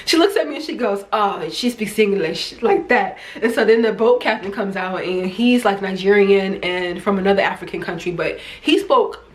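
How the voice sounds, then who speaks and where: A woman's voice: medium pitch, moderate pace, hardly any pauses. A middle-aged American woman from New Jersey, chatting casually to camera as a travel vlogger and acting out the voices of people she met. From United States, New Jersey. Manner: chatty, animated, acts out quoted voices.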